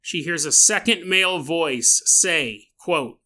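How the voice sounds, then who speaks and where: A man with a bright, rather high voice, telling a story on his podcast. His pitch swings widely as he jokes and chuckles through the tale. His throat sounds a little sore. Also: normal speed. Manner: animated, jokey, laughs while telling a story. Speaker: podcast host.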